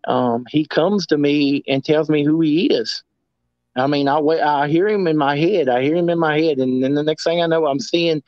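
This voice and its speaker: A man's voice: fairly high pitch, no room sound, highs cut off. A man telling his own stories as a guest, rambling with many restarts. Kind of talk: casual storytelling.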